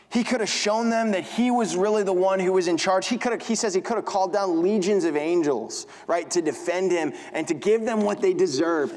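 Young guy pastor, high-ish voice, chatty sermon style, goes low and slow on big lines, echoey church. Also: a little mellow. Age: young adult. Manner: conversational preaching, frequent "right?" asides; pitch drops low and slow for emphasis. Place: church sanctuary. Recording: long hall reverb.

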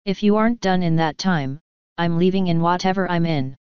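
A woman's voice: lowish voice, a little fast, clean tone, no echo, lo-fi sound, natural voice. A woman reading the part of a stern, fussy female servant who scolds and gives orders. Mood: scolding. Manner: scolding, bossy.

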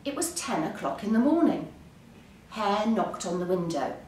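A woman, an English teacher, reading a bedtime story aloud with expressive, unhurried storytelling. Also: mid-range voice, slight background noise. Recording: roomy, distant mic.

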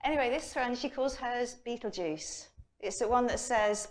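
Middle-aged female speaker from England; lively, chatty conference talk. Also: on the high side, moderate pace. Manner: lively storytelling, acts out her inner voice. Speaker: personal development coach. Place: conference hall.

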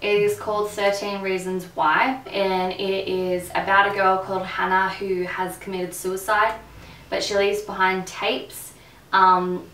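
A woman's voice: on the low side, a bit bright, slight background noise. Chatty woman in an echoey room. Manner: candid, chatty, swears freely. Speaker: beauty vlogger. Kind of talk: casual to-camera chat. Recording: echoey room, mic a bit distant.

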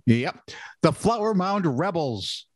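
A man's voice: sits high, big pitch swings, slow pace, dry recording. A man co-hosting a casual comedic news podcast, reading odd stories and adding sarcastic jokes. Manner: wry, sarcastic joking. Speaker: podcast co-host.

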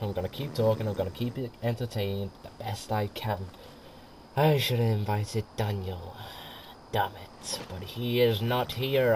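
This let's-play commentator talks casually and ramblingly over gameplay, chatting and laughing often. His voice is mid-range, captured on a quiet home mic with music playing and slight background noise.

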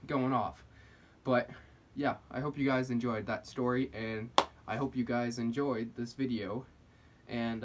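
A man's voice: fairly low pitch, a little hiss or hum. A young man telling a casual story on his vlog, rambling with lots of fillers. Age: young adult. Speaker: vlogger.

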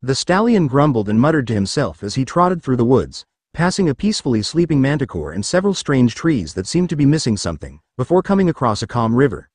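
Animated male storybook narrator. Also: mid-range voice, fast, hardly any pauses, no room sound, studio quality. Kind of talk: reading fan fiction aloud.

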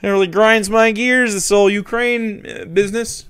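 A man's voice: high-pitched, fairly even intonation, normal speed, a bit bright, clear, resonant tone, voice pushed up. A man putting on the voice of an angry male pundit to mock him with exaggerated, whiny huffing. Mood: mock outrage. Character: agitated male pundit faking anger, mocked.

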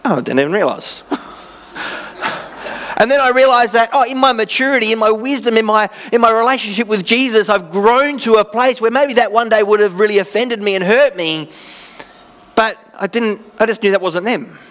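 An Australian pastor delivers a sermon with a fairly high voice. His preaching is earnest yet conversational, and he mixes in self-deprecating asides. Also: normal speed, a bit bright.

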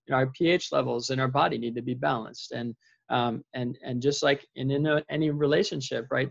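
A man's voice: medium pitch, vocal fry, husky, dry recording, highs cut off. A man talking in a casual, earnest and rambling way about his faith, with many restarts and fillers. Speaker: vlogger sharing faith reflections. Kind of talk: casual spoken reflection.

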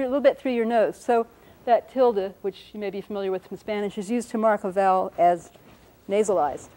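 A woman with a mellow, relaxed voice explains phonetic symbols as a linguist. She speaks carefully and slows down to demonstrate each pronunciation syllable by syllable. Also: medium pitch, rough recording. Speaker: linguist giving a talk.

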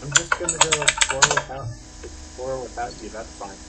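A woman's voice: extremely low pitch, moderate pace, pushed and bright, slight background noise. A woman chatting casually while gaming, teasing and blunt, often laughing. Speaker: gamer.

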